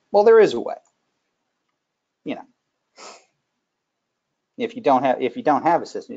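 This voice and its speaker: A man in the middle of his pitch range talks through a security presentation in a folksy, animated way, dropping in stories and asides. The sound is muffled and lo-fi, like a web session. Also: measured pace, pauses often. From Northern Virginia. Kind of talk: conversational webinar presentation.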